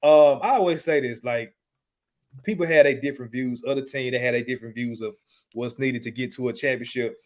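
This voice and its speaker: A man hosts a podcast in an easygoing, laid-back way. His voice sits at an ordinary middle pitch. He rolls through shout-outs and chat with an unhurried, friendly rhythm. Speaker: podcast host. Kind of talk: casual chat.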